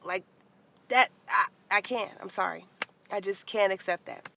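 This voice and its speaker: A woman's voice: medium pitch, unhurried, vocal fry, pushed and bright, a little hiss or hum. A woman ranting emphatically about dating, asking rhetorical questions. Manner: emphatic, rhetorical, laughing asides. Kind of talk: casual rant.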